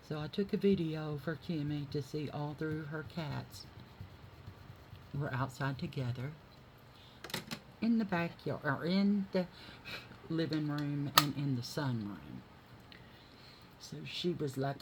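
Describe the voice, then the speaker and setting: Lady doing her makeup n chatting slow, rambly homey stories, noisy hiss behind her. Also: sits low, expressive. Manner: rambling, homey storyteller who talks to viewers as friends. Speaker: beauty vlogger. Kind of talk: chatty makeup tutorial with storytelling. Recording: noisy home recording.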